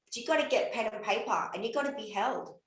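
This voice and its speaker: A woman's voice: a little high, fast talker, slight background noise. A woman in her fifties co-hosting a casual podcast, talking animatedly, swearing now and then and acting out little scenes. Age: 50s. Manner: animated, swearing, acts out child and mother voices. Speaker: podcast co-host and coach. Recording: echoey room.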